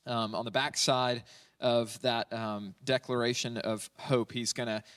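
A man's voice: medium pitch, flat delivery, unhurried, a bit bright, no room sound, far from the mic. Man teaching a psalm, mic set back. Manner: conversational, asks "right?" often, many fillers. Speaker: pastor.

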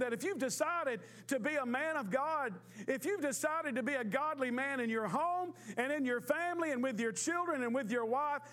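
A man's voice: extremely high pitch, a bit bright. A man in his fifties, a pastor, preaching a sermon in a folksy storytelling way with emphatic repetition. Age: 50s.

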